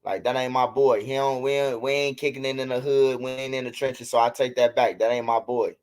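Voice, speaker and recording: Speaking fairly quickly in a mid-range, somewhat mellow voice that's clear and resonant with little pitch movement, a Chicago man livestreams commentary for his street news channel. He taunts his critics casually, circling back to the same jabs again and again.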